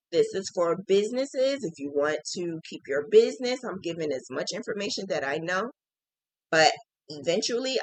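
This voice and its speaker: A woman hosting a casual live stream, warmly thanking viewers in quick, emotional, laughing bursts. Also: mid-range voice, dry recording. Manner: gushing, effusive thanks to viewers. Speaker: host of a crochet business livestream.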